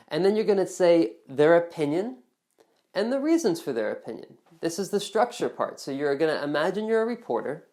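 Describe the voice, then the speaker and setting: A woman's voice: deep voice, darkish tone. A woman teaching test-prep speaking strategies in a casual, conversational way, often checking in with the viewer. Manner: conversational, checks in with "okay?", acts out example dialogue. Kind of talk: casual instructional explanation to camera.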